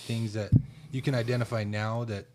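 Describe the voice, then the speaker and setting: A man hosting a podcast, asking relaxed, halting questions. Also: medium pitch, background noise. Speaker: podcast host. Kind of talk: casual interview questions.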